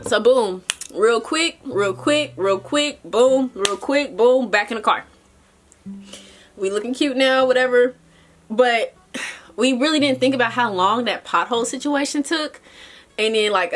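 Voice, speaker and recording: High-voiced young woman telling a story. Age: young adult. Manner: animated, chatty, addresses viewers directly. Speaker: vlogger. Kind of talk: casual storytime.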